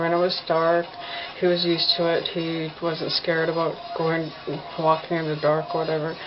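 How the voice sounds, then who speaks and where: A woman, a mother, telling a ghost story in casual speech to a propped-up camera at home, halting with many fillers and restarts. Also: fairly low pitch, highs cut off. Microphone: phone or camera propped up, no tripod.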